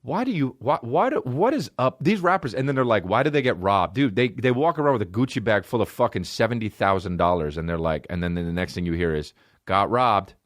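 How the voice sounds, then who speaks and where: Animated, profane male comedian rambling. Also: mid-range voice, fast talker, few pauses, dry recording, clean studio sound. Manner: profane, rambling, many fillers, jumps into mock voices. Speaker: comedian podcast host. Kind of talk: casual comedic monologue.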